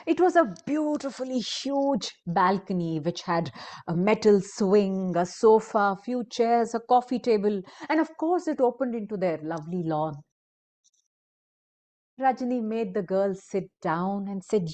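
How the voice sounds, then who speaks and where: A woman storyteller narrating a story for adults in a deliberate, expressive way. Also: mid-range voice.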